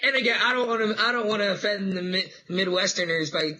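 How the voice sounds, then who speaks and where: A man from the East Coast co-hosting a casual podcast debate, acting out park staff in quick voices. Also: high-pitched, pushed and bright, slight background noise, low-quality recording. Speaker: podcast co-host.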